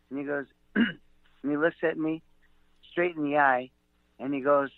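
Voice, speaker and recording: Middle-aged male comic guest, halting anecdotal teller with fillers, acts out quotes; tinny phone line, dry. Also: a little high, steady tone, vocal fry, dry recording. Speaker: guest, comedian and author. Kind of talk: rambling anecdotal storytelling.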